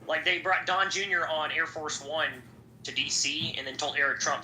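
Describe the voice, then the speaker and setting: Bright-voiced, swearing young man in an echoey room. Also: a little high, moderate pace. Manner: profane, rambling, animated. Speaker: podcast host. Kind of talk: casual podcast chat. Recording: echoey room, faint background noise.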